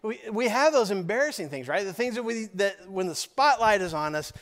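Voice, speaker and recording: A man's voice: high voice, expressive, brisk, fairly bright tone. A man, telling a personal story in a conversational sermon to his congregation, with asides to the audience. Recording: long hall reverb.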